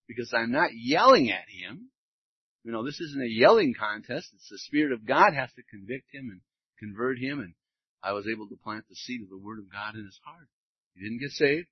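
A male pastor delivers a sermon in an earnest, conversational way, reading scripture aloud between his own remarks. His voice is a little husky. The recording is dry and slightly dull. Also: medium pitch, no room sound.

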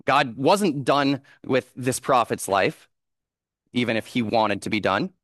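Male pastor, mid pitch, measured earnest sermon delivery, dry close-miked sound. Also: animated, a bit bright, dry recording. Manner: earnest, measured preaching with slow emphatic scripture reading.

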